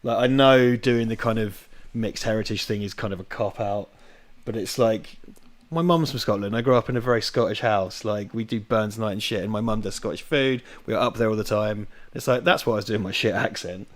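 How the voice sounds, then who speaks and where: A man's voice: fairly low pitch, fairly quick. A man, co-hosting a watch-party stream in rambling, sweary casual chat, laughing often.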